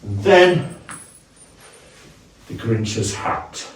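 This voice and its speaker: A man casually walking through his costume, chatty and halting, with fillers and restarts. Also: fairly low pitch, sing-song, reverberant, recorded from a distance, slight background noise. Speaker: cosplayer, video host.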